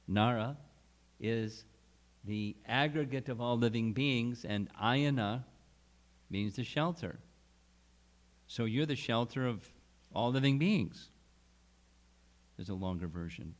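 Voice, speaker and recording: A man giving a scripture lecture at a retreat, explaining slowly and deliberately, with restarts. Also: lowish voice. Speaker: spiritual teacher.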